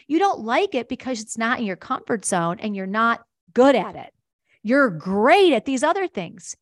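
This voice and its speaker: Middle-aged woman founder, enthusiastic interview guest, slightly high voice, dry close sound. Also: big pitch swings, normal speed, no room sound. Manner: enthusiastic, acts out quoted voices, laughs easily. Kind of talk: animated conversational interview answer.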